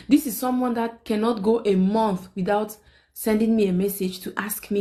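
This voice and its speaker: A young woman tells a personal story to her live-stream viewers. Her voice sits a little high, and she talks casually and expressively, leaping in pitch whenever she acts out what others said. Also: normal speed. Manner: animated, quotes people with big pitch jumps.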